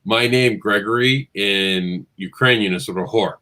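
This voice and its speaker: A man's voice: fairly low pitch, measured pace, bright, forceful tone. A middle-aged man from Queens, New York, a comics guest telling friendly, self-deprecating stories in a casual chat. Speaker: guest comics writer and publisher.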